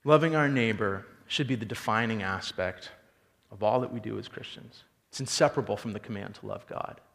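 A man preaching a sermon as a pastor, animated storytelling and rhetorical questions. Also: fairly low pitch, a little fast, long reverb tail.

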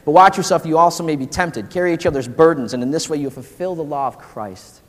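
A man in his forties preaching a casual, slangy sermon to college students, animated and full of "dude" and "man". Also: on the high side, fast talker. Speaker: pastor. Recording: long hall reverb.

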